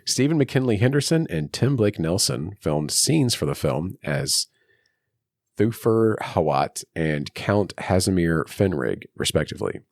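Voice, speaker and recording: Male podcast co-host, very low voice, dry close sound, chatty trivia reader who laughs easily. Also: sing-song, a little slow, creaky, dry recording. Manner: laughs often, reads trivia notes aloud. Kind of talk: casual film podcast chat.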